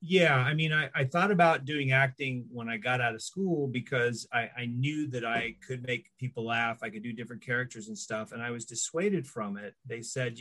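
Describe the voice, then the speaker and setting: A man's voice: mid-range voice, normal speed, hardly any pauses. A middle-aged man telling stories in a casual interview, acting out the voices of people he quotes. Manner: animated anecdotes, acts out quoted voices. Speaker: guest.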